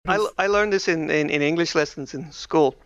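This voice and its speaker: A man co-hosting a casual podcast, teasing the others and speaking slowly when giving instructions. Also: a little high, highs cut off, heavy background noise. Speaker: podcast co-host. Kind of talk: casual chat.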